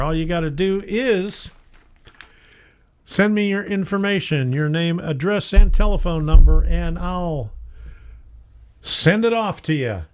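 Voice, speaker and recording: A middle-aged man hosting a casual hobby live stream, chatty, laughing often and reading viewer comments aloud. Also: on the high side. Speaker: host of a model train live stream.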